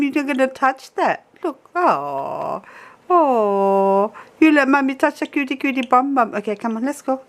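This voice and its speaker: A woman's voice: a little high, expressive, normal speed. A woman at home, talking baby talk to her pet bird in a cooing, sing-song, coaxing way. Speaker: pet owner.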